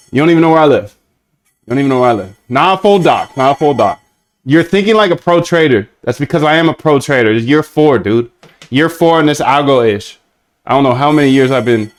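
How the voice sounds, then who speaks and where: Laid-back slangy young man streaming. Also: mid-range voice. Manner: laid-back slangy banter with chat, shifts between flat monotone and lively bursts. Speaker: trading bot streamer. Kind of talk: casual live-stream coding chat.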